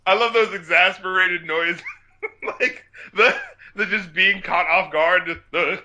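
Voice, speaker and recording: A man's voice: high-pitched, unhurried, sharp tone, a little hiss or hum. A man co-hosting a casual podcast chat, laughing often and acting out scenes he remembers. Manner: laughs often, quotes lyrics and scenes in goofy voices. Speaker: podcast co-host.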